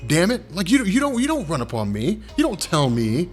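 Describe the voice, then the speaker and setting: Give me a boastful, slang-talking thunder god, put on by a man retelling a comic, a bit high-pitched. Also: wildly swooping pitch, brisk, soft background music, full character voice. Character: brash swaggering male thunder god.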